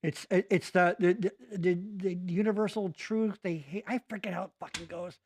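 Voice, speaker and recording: This man's voice sits high, and he talks at a normal speed while hosting a laid-back podcast. He rambles animatedly and curses freely, leaping from thought to thought.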